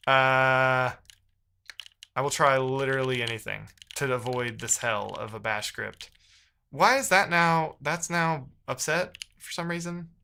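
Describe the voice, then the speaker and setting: Guy streaming his coding session, fed up and grumbling, reads chat out loud, bright edgy tone. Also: mid-range voice, slight background noise. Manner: exasperated, muttering to himself. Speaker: live streamer. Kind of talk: live coding stream, reading chat aloud.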